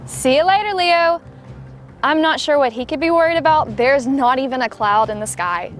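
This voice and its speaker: A woman playing a perky female TV field reporter in a kids' church comedy skit, interviewing in a bright, chirpy way. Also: high voice, animated, normal speed, soft background music.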